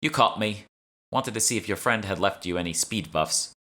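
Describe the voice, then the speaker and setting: A man voicing a sarcastic young woman with a British accent who teases with quick quips. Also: fairly low pitch, sharp tone, voice pushed up. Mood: wry.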